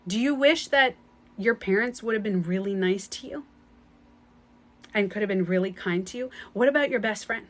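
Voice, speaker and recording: A woman's voice: medium pitch, normal speed. A woman speaking as a spiritual coach in a casual motivational talk. She is emphatic and blunt, swears casually and often repeats herself.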